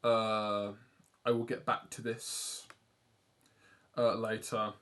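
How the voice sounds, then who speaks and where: A man's voice: fairly low pitch, little pitch movement, takes it slowly, a bit bright. Rambling young Englishman chatting while drawing. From England. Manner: rambling, self-deprecating, casually swearing. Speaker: art streamer. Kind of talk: casual livestream chat while drawing.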